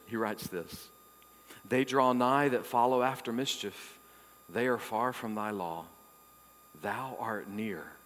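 A man preaching a sermon as pastor, swinging between loud, emphatic declarations and hushed, intimate passages. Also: medium pitch, a little hiss or hum. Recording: long hall reverb.

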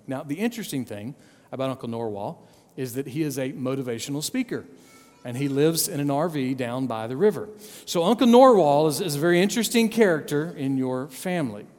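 A man with a fairly high voice tells a story to his congregation, playful and animated. He keeps checking in with his listeners as he goes. His voice trails off into a long, echoing reverb. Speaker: preacher telling a Bible story. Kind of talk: children's sermon storytelling.

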